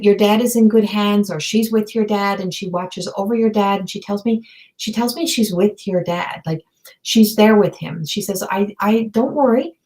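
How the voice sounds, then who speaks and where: Female medium on a live stream, calm and hesitant, lots of restarts, now and then close to a whisper. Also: mid-range voice, rough recording. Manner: halting, searching, many fillers and restarts. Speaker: intuitive medium. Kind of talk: live-streamed psychic reading.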